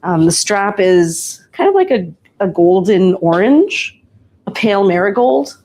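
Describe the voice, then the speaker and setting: A woman co-hosting a live sale, describing products in a relaxed, unhurried way. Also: medium pitch. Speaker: co-host showing products. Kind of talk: casual product showcase.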